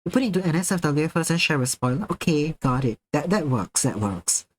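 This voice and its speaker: A man streaming live, chatting casually with his viewers, excitable, swearing freely and laughing often as he reacts to their messages. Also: on the high side, a little fast, a little hiss or hum, low-quality recording.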